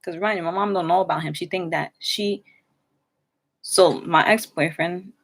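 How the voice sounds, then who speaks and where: A woman's voice: on the low side, steady tone, moderate pace, gravelly. A young woman telling a rambling, chatty story for her vlog, full of fillers and restarts. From New York City. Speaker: vlogger.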